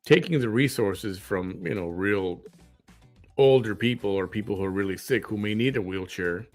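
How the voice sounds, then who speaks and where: A man's voice: on the low side, moderate pace, faint music behind. A man hosting a reaction commentary show, sarcastic and mocking.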